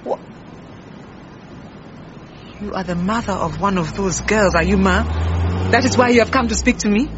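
Actress as a defensive, brusque head cook, slightly muffled radio-drama sound. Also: female voice, medium pitch, normal speed, pauses often, noisy background, close to an everyday voice. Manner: brusque, indignant.

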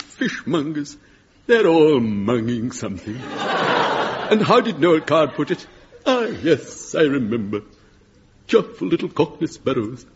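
A man's voice: on the high side, full character voice. An actor playing a gushing upper-class romantic Englishman in a radio comedy sketch, overblown and swooning. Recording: lo-fi old radio recording with loud hiss.

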